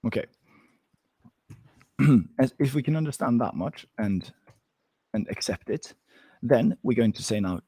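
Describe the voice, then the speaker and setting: Husky guy tutoring mandarin, patient, laughs a lot, dry room. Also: fairly low pitch, lively intonation, dark tone, no room sound. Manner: patient, laughs often, models Mandarin phrases slowly. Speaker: Mandarin teacher. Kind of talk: one-on-one language lesson.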